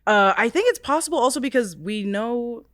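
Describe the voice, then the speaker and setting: Animated woman co-host with lively pitch. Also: brisk, no echo, clean studio sound. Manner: animated, laughs often, restarts sentences. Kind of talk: casual pop-culture chat.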